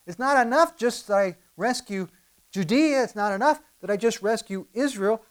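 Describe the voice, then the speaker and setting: Animated male preacher with rhetorical questions. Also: sits high, normal speed, smooth. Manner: animated, swinging from loud to soft, rhetorical questions. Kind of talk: sermon with scripture reading.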